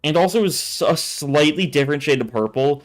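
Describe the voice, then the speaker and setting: A man's voice: on the high side, brisk, faint music behind. Chatty, rambling male streamer. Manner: rambling, chatty, lots of filler words. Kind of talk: casual let's-play commentary.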